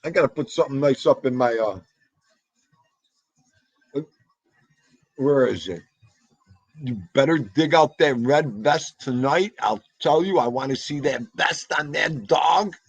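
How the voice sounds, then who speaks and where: A New York man talks slowly and loosely on his livestream, his husky voice rising and falling a lot as he jokes with viewers. The sound is dry and close, with no room echo. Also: mid-range voice, animated. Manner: chatty, shouts out viewers by name, jokey. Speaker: live podcast host reading chat. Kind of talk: casual livestream chat.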